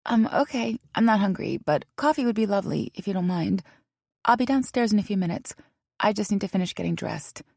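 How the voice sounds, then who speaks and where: A woman's voice: medium pitch, lively intonation, brisk, creaky, a little mellow, no echo, studio quality, pitched above the performer's own voice. A woman voicing a flustered, eager young woman in her thirties who stammers and sounds breathless. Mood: shy. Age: 30s.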